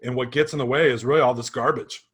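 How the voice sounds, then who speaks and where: A man hosting a conversational interview about sports vision training, casual and relaxed, with many fillers. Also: mid-range voice, fast talker, husky.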